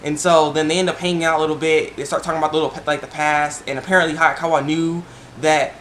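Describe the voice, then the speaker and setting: A young anime reviewer, excitable and talking fast, rambles casually through an episode in a video review, with plenty of fillers and restarts. His voice is slightly high, and a faint hiss sits beneath the recording.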